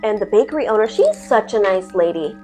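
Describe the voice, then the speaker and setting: A woman's voice: medium pitch, expressive, a little fast, a little mellow, faint music behind. A woman telling a horror story in casual storytime style, chatty, dramatic and full of swearing.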